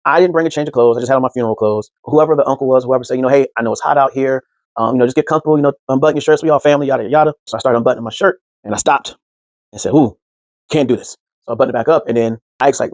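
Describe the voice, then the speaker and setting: A man's voice: mid-range voice, rapid-fire, no echo. A man telling a casual personal story as a podcast host, loose and conversational, acting out the people he quotes. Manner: animated, acts out quoted speech in others' voices; loose and conversational, full of fillers.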